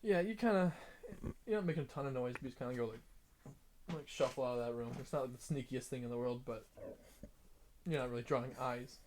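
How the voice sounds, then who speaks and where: A man narrates a tabletop game as its game master, in a loose, casual way full of "like" and "kinda". His voice sits at a middle pitch, with faint noise behind it. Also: fairly even intonation, fast talker, long pauses, darkish tone. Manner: casual, filler-heavy, laughs often.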